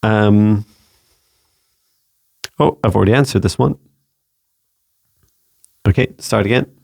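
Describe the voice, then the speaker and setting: A Scottish man, a spiritual mentor answering viewer questions in a casual video, speaking gently and soothingly with many halting repeats. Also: on the low side, gravelly. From Scotland.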